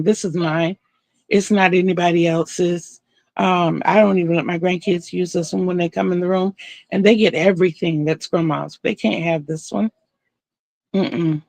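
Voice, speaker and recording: A woman's voice: lowish voice, creaky, a little mellow, no echo. An older woman chatting casually on a live stream as she crochets, rambling and repeating herself.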